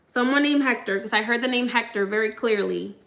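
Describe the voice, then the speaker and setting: A woman with a high, bright voice works as a medium in a live reading. She talks in a loose, halting way, full of fillers and restarts, as she relays the spirits' messages. Her tone stays chatty and eager. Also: creaky. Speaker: psychic medium.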